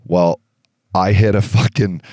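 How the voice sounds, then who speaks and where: A man co-hosting a podcast, telling a story in casual chat, animated and profane, acting out what others said. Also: deep voice, unhurried. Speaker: podcast co-host. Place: indoor studio.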